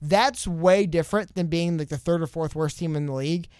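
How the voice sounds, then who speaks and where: A man co-hosting a casual political podcast, talking in a rambling, animated way with many asides and restarts. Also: fairly high pitch, a little fast, clear, resonant tone, no room sound, studio quality. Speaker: podcast co-host.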